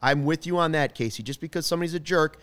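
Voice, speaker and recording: A male podcast co-host with a fairly high voice talks sports in a casual, emphatic way. He states strong opinions and presses his points hard. He is heard close on a studio microphone. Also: fast, fairly bright tone.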